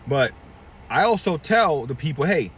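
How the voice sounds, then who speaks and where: A middle-aged barbershop owner rants to the camera in a blunt, profane, preachy way, with his pitch jumping up and down a lot. He sounds a bit far from the mic, with faint traffic noise behind him. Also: sing-song, normal speed. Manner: blunt, profane, preachy, acts out quoted voices. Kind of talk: candid advice rant to camera.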